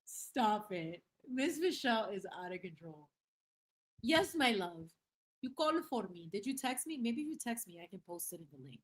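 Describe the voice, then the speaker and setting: A woman's voice: fairly high pitch, sing-song, moderate pace. A young adult woman hosting a casual livestream, reading viewer comments in a playful, effusive way, laughing often and dropping in Spanish phrases. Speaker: livestream host.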